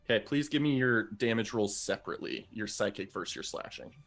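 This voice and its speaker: A man narrating as game master of a tabletop game, giving calm, measured rulings with frequent fillers. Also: on the low side, faint music behind.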